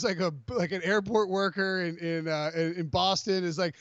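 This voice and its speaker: Rambling, animated male podcast host. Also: high-pitched, normal speed, few pauses, smooth, dry recording. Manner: animated, rambling, jokey with many fillers and restarts. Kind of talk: casual sports podcast chat. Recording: dry, slightly dull podcast audio.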